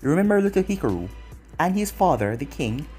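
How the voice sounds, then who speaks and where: Man putting on a gloating young ninja villain, raised husky voice, swings up and down, mocking taunts, faint music under. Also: a little high, very animated, brisk, dark tone. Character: cruel smug young male ninja hero gone dark.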